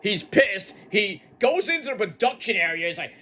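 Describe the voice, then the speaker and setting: A man's voice: high-pitched, moderate pace, a little hiss or hum. A man hosting a wrestling review, ranting casually with lots of swearing and mockery. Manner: animated, swearing, mocking. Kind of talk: casual profane rant.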